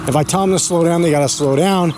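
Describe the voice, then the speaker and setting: Guy dog trainer rambling to the camera, kinda high voice, out of breath, loud street noise behind. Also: quick pace. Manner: chatty, talks to his dogs between remarks. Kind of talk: casual vlog narration while walking and driving. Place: outdoors on a beach walk near a road, then in a car.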